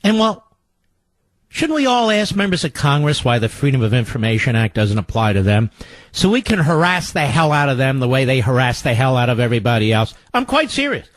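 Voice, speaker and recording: An older man hosting a radio talk show, delivering a sarcastic political monologue with mocking, theatrical swings between loud jabs and low mutters. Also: sing-song, a little fast, no room sound.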